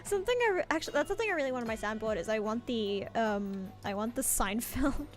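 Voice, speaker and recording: A woman's voice: on the high side, expressive, fast talker, soft background music. A woman hosting a livestreamed tabletop game, chatting casually, laughing often and swearing freely. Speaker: stream host and game master.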